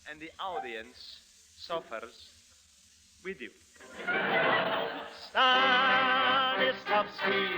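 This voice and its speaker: A man's voice: high voice, poor audio. A man hosting a 1940s radio comedy, playing a pompous actor with a mock Russian accent in a theatrical manner. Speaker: comedian host. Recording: old radio recording with music.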